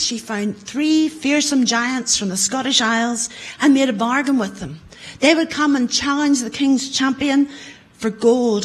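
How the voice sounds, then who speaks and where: A woman telling a folktale to an audience in a conference room, growing loud and dramatic in the battle scenes. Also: on the high side, rough recording. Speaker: storyteller. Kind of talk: oral folktale storytelling.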